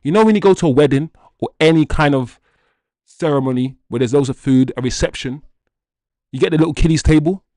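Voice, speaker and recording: A man hosting a football fan channel, reading transfer news aloud and riffing on it in a jokey, animated way. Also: on the high side, fairly quick, no echo, studio quality. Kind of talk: casual transfer-news commentary.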